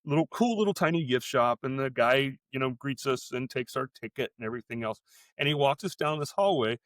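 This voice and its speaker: A middle-aged American man talking as a podcast co-host, drifting through a rambling story in easy conversation. His voice sits at an ordinary pitch and sounds close and dry, with almost no room around it. He stops and restarts his sentences as he goes. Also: a bit bright, dry recording. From United States. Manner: rambling, self-interrupting storyteller. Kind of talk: casual chat.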